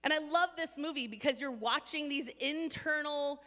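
A woman's voice: sits high, normal speed, sharp tone, in a large hall. A woman in her thirties giving an earnest inspirational talk to a live audience, chatty and self-deprecating, with lots of "like". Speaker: speaker addressing an audience.

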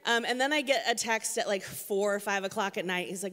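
A woman's voice: medium pitch, a little fast, a bit bright, in a large hall. A woman giving a casual church sermon from the stage, telling chatty, self-deprecating stories with many fillers. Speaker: guest speaker filling in for the pastor.

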